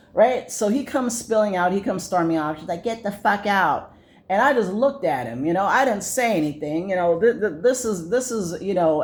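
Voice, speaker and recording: A man's voice: fairly high pitch, a little mellow. Profane, rambling man ranting. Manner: profane, rambling, frequent fillers and restarts. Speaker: vlogger. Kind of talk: casual rant to camera.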